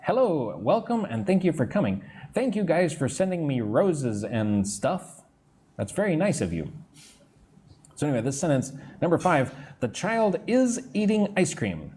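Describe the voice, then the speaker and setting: A man teaching English on a live stream, modelling phrases slowly and greeting viewers between sentences. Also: on the high side, big pitch swings, darkish tone, a little hiss or hum. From United States. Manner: slow, deliberate modelling of phrases, chatting with viewers.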